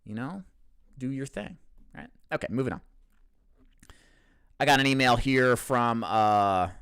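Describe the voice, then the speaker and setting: A man's voice: mid-range voice, unhurried, fairly bright tone, clear, resonant tone, no room sound, studio quality. A man hosting a casual question-and-answer talk, candid and joking at his own expense, often restarting his sentences. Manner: candid, joking, self-deprecating, with frequent restarts. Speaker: insurance agency owner and host. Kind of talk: casual Q&A monologue to camera.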